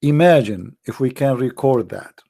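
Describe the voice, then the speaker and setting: Gravelly man with a mocking tone. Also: medium pitch, lively intonation, moderate pace, warm tone, no room sound. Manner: mocking, theatrical, with mock sneezes and sung lines. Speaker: online religious commentator. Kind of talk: sarcastic monologue.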